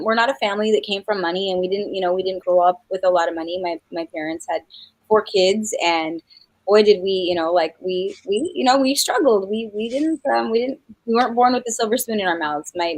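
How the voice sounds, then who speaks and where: A middle-aged woman from New Mexico, a singer, talks fairly quickly in a medium-pitched voice during a casual interview where she's the guest. She laughs readily and rambles, full of fillers and restarts. The audio has no echo but is poor.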